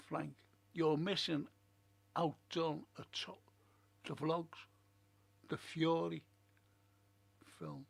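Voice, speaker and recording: A man's voice: on the high side, fairly even intonation, very slow, vocal fry, long pauses, slightly rough. A man hosting a casual live stream, chatting in a rambling way, musing aloud and reading out viewer comments. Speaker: livestream host. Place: at home.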